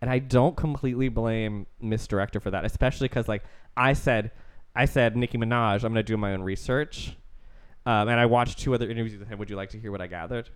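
A man's voice: medium pitch, steady tone, quick pace, hardly any pauses, clean tone. A man co-hosting a podcast, talking in loose, rambling casual chat and laughing often. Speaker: podcast co-host.

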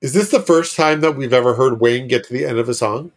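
A man's voice: mid-range voice, quick pace. A man co-hosting a podcast in casual chat, who explains points carefully and sometimes hums a rhythm to make them. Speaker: podcast co-host.

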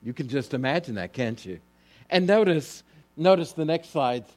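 A pastor delivers a sermon in a fairly high male voice, retelling the story with animated, emphatic lines that build as he goes. He keeps turning to his listeners with direct questions. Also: moderate pace.

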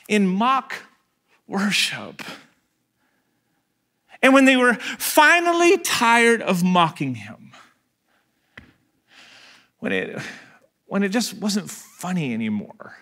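A male pastor preaching an energetic, conversational sermon to a live and online congregation. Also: sits high, slow pace, long pauses. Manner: energetic, conversational, acts out scenes.

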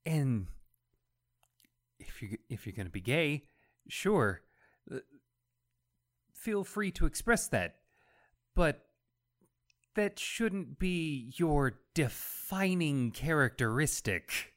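Slow, lively-voiced man chatting. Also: on the high side. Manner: halting, restarts, laughs often. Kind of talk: casual chat about comics.

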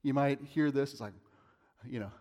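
A man's voice: medium pitch, normal speed, a little mellow, in a large hall. A male pastor preaching a sermon in a conversational style, with emphatic bursts.

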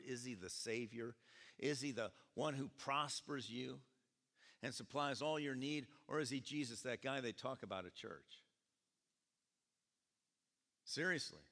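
A man pastor preaching a sermon at a church service, animated and questioning his congregation as he tells the story. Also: mid-range voice. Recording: echoey church hall.

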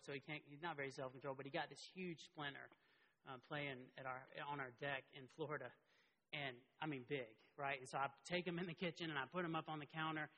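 A man preaching a sermon as pastor, impassioned and climbing to high emotional peaks as he tells stories and reads scripture. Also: pushed and bright. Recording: long hall reverb.

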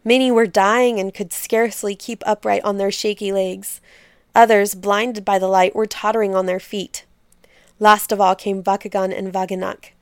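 A woman reads a folk tale aloud as a storyteller, with expressive, measured narration. Her voice is smooth and clear, set at a middle pitch for a woman. She is recorded on a close mic in a dry room. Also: no room sound.

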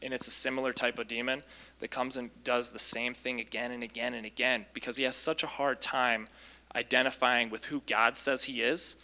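A man casually recounting a deliverance story as a Christian minister, lively, with frequent ums and restarts. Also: medium pitch, a little fast.

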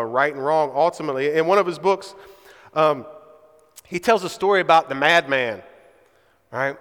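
A man's voice: mid-range voice, a bit bright, clear, resonant tone. A man preaching a sermon in a church, speaking emphatically and often checking in with his listeners by asking "right?". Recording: reverberant hall.

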